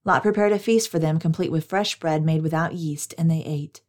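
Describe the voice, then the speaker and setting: A woman narrates scripture in a steady, measured reading. Her voice sits lowish and even.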